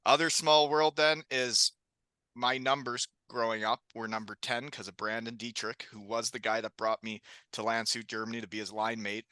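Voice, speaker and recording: Chatty middle-aged man, podcast host, bright forceful tone, dry close sound. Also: mid-range voice, no room sound. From Elmira, Ontario, Canada. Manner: chatty, laughs often, storytelling. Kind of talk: casual chat.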